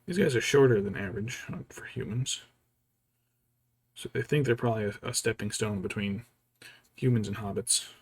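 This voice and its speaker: A man's voice: fairly low pitch, moderate pace, pauses often, breathy edge. A man casually thinking aloud as he paints a miniature, rambling and musing to himself. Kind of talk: casual hobby vlog chat.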